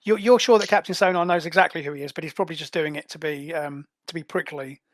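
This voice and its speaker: A man's voice: fairly high pitch, fairly even intonation, fast talker, slight background noise. A man narrating a superhero tabletop game as game master, with many hesitant fillers.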